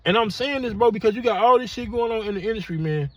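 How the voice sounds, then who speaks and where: A man's voice: high-pitched, fast talker, dry recording. A middle-aged man hosting a casual podcast monologue, blunt and profane in street talk. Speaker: podcast host.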